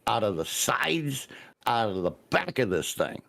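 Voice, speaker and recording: A man's voice: mid-range voice, sing-song, a little slow, vocal fry, a bit bright, dry recording. A man co-hosting a podcast, casually and enthusiastically recapping scenes, swearing now and then. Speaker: podcast co-host. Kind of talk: casual chat recapping a show.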